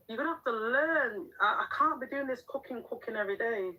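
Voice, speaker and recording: A woman's voice: on the high side, brisk, bright, forceful tone, low-quality recording. A middle-aged woman, chatting frankly on a live stream as a mum, laughing often and answering the chat. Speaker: livestream host and mum. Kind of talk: casual live-stream chat reading viewer comments.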